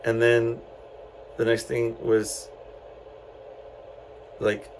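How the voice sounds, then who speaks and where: A middle-aged man from San Antonio hosts his own podcast, telling a story in a casual, meandering way with lots of fillers. His voice has a heavy gravelly fry at a middling pitch. A faint background hiss sits under him. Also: level tone, slow, long pauses, darkish tone, low-quality recording. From San Antonio, Texas. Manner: rambling, loose, many fillers and restarts. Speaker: podcast host.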